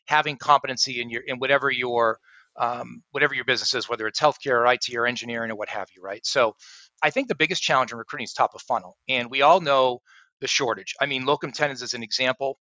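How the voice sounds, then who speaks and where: A middle-aged man, a sales and recruiting coach, chatting as a podcast guest and acting out his phone pitches in animated stories. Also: quick pace, no echo, rough recording. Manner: animated storyteller who acts out phone pitches. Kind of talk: casual podcast interview.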